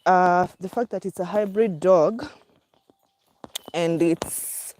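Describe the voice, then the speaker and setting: A woman's voice: fairly low pitch, slow, darkish tone, slight background noise. A woman with a Kenyan English accent talking casually while out walking her dog, out of breath, chatty and laughing now and then. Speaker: vlogger. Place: outdoors on a walk, hills and woods.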